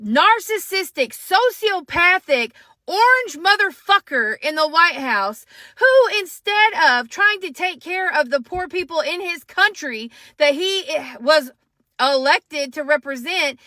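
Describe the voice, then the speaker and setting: A woman's voice: very high voice, animated, unhurried, pushed and bright, no echo. A woman ranting angrily to the camera, upset and shaking, profane and emphatic. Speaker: social media commentator. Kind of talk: angry rant to camera.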